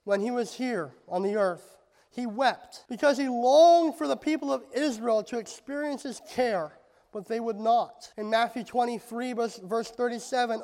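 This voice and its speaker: Male pastor, sermon delivery, gravelly fry, high voice, swings soft to loud, echoing sanctuary. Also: unhurried. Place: church sanctuary.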